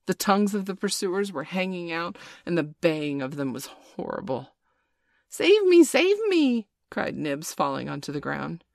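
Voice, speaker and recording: A woman narrating a children's storybook in a measured, expressive read-aloud. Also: deep voice, vocal fry, no echo, studio quality. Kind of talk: storybook reading.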